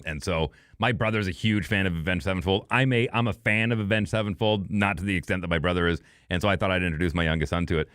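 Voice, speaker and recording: A middle-aged man tells a story on his podcast in a low, relaxed register. The sound is dry and close, with no room around it. He keeps the tale casual and animated, and he mimics the people he quotes. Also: fast, few pauses, no room sound. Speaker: podcast co-host.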